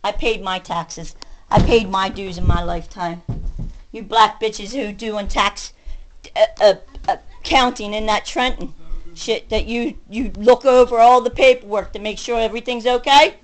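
A woman venting to camera in a profane rant, going from shouting to muttering. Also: fairly high pitch, moderate pace. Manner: profane, ranting, swings between shouting and muttering. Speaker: vlogger. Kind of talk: angry venting monologue. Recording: voice distant from the mic.

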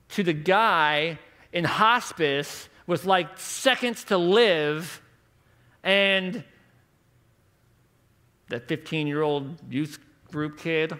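A man in his thirties preaching a conference sermon with rhetorical questions, moving between hushed and emphatic delivery. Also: a little high, clean tone.

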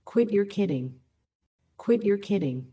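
Lady reading english phrases for learners, slow and careful, mellow warm tone. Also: mid-range voice, lively intonation. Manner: clear, careful, each phrase said twice.

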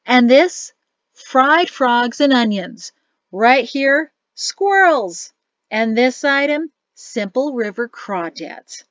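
A woman's voice: sits high, animated, slow, fairly bright tone, dry recording, lo-fi sound, pitched above the performer's own voice, exaggerated voice. A woman voicing a jovial, chatty male innkeeper and cook in an audiobook. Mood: cheerful. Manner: cheery, chatty, boastful.

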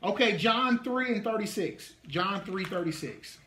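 High-voiced emphatic Bible study teacher. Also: male voice, animated, sharp tone, a little hiss or hum. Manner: emphatic, drawn-out stresses on key points. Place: congregation meeting room.

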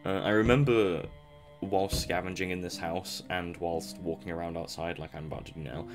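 A man's voice: sits low, fairly even intonation, normal speed, soft background music. A young man giving casual, rambling commentary over a survival game, self-mocking and chuckling often. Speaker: gameplay commentator.

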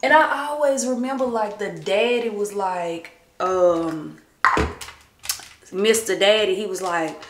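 A woman in her thirties chatting casually to camera at home as a vlogger, rambling and chatty and sometimes dropping into hushed asides. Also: mid-range voice, takes it slowly, slight background noise. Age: 30s. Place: at home getting ready. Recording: roomy echo.

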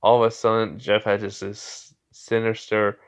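A man's voice: lowish voice, level tone, normal speed, clean tone. A young man improvising a fan story, rambling with frequent fillers. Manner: rambling, full of "you know" and "as" fillers. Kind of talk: improvised fan-fiction narration.

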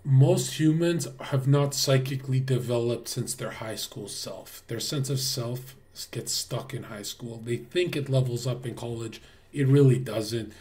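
A man's voice: mid-range voice, measured pace, hardly any pauses, darkish tone, distant mic. A man streaming to his chat, ranting in a blunt, preachy way with lots of swearing. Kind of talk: livestream rant to chat.

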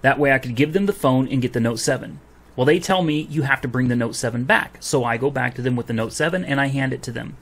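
A man's voice: medium pitch, fast, fairly bright tone. A man venting to camera about a phone refund, heated and swearing as he retells his argument with a store clerk. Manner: heated, swears, recounts dialogue. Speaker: vlogger. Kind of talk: angry customer rant to camera.

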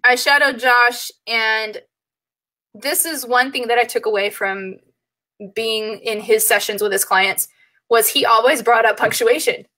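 Guest: bright, fairly high female voice, lively dog trainer, quick laughs. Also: rough recording. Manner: animated, laughs often, acts out clients' voices. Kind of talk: casual chat.

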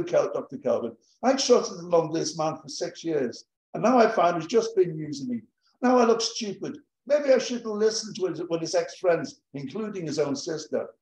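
A man's voice: on the high side, darkish tone, echoey room, low-quality recording. A man at an open mic reading a satirical advice letter aloud in a dry storytelling manner.

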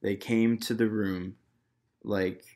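A man's voice: lowish voice, little pitch movement, slow, darkish tone. A young man casually telling a personal story to camera in a loose, rambling way, full of fillers and quoted dialogue. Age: young adult. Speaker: vlogger.

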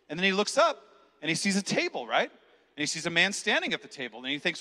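Male keynote speaker, animated storyteller, bright forward voice, reverberant hall. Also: a little high, fast.

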